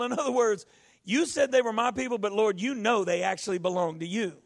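A male pastor preaching a folksy sermon, rising to shouts. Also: sits high, brisk, creaky.

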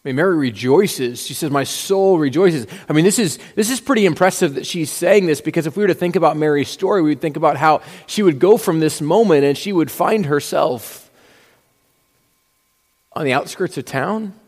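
A man's voice: fairly high pitch, animated, moderate pace, darkish tone. A man preaching a sermon in a conversational, storytelling way, acting out little asides as he goes. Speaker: pastor. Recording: long hall reverb.

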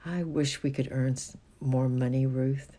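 A storyteller voicing Philip, an eager boy of nearly eleven who earnestly lays out plans, in a gravelly, husky voice. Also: mid-range voice, steady tone, measured pace, dark tone, lightly acted.

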